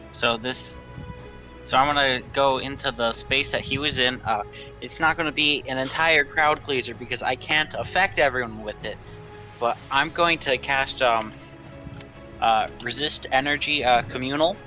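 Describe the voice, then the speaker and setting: A man's voice: mid-range voice, steady tone, moderate pace, bright, forceful tone, soft background music, poor audio. A man playing a tabletop role-playing game, explaining his moves with many fillers. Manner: hesitant, filler-heavy. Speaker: player. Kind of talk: casual tabletop play.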